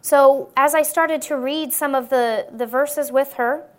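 A woman with a notably high voice gives a sincere Christian talk in the manner of a testimony sermon. She addresses her listeners directly and often pauses to check they are with her. Her delivery is earnest and personal. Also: fairly even intonation. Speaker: Christian speaker.

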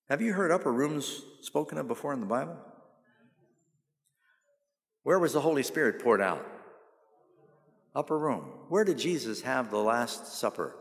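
A male pastor preaching a sermon, asking the audience questions and answering them himself, and slowing down to stress key phrases. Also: mid-range voice, very animated. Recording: long reverb of a large hall.

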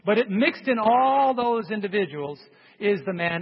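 A man preaching emphatically, reading song lyrics aloud slowly to make his points. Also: high voice, gravelly, slightly rough. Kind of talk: sermon. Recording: dull, long hall reverb.

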